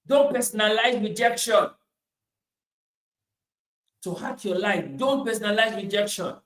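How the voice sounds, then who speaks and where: Guy doing a pep talk, high voice, keeps repeating himself, lots of room echo. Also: a little slow. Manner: emphatic, repeats phrases, swings between loud bursts and quiet asides. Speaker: motivational speaker. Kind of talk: motivational talk.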